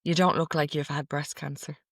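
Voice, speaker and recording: A woman's voice: deep voice, fairly even intonation, brisk, no echo, clean studio sound. A middle-aged woman hosting a casual podcast, reading out quotes from a list in a chatty, amused way. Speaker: podcast host.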